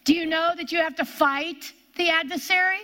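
Older lady preaching hard, high bright voice, hammers the same phrases over and over. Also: steady tone. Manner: emphatic, repeats key phrases, drawn-out stresses. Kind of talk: sermon.

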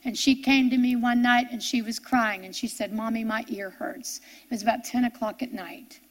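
Middle-aged woman preaching, high voice, earnest testimony, stumbles and restarts then gets fired up. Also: steady tone. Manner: earnest storytelling with halting restarts, rising to impassioned preaching. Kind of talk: sermon testimony.

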